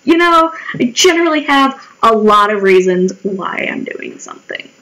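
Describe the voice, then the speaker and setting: A woman's voice: on the high side, expressive, normal speed, sharp tone, low-quality recording. Candid, foul-mouthed young woman vlogger. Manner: candid, swears freely, mimics others' voices. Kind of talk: casual chat while drawing.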